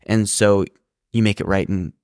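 A man's voice: fairly low pitch, little pitch movement, normal speed, a little mellow, smooth, dry recording, clean studio sound. A young man co-hosting a Christian podcast, speaking in an earnest, encouraging way. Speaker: podcast co-host. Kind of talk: casual Christian podcast discussion.

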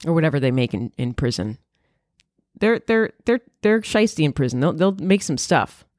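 Woman comic host, low-set voice, dry close sound, crude and rambling, with sudden high outbursts. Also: no echo. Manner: profane, rambling, swings into loud high exclamations. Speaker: comedian podcast host. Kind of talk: casual comedic monologue.

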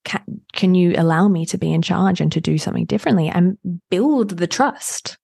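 Husky-voiced woman hosting a podcast. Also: fairly low pitch, lively intonation, moderate pace, no room sound, clean studio sound. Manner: warm, affirming listener, frequent agreeing murmurs. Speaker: podcast host. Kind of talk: casual podcast conversation.

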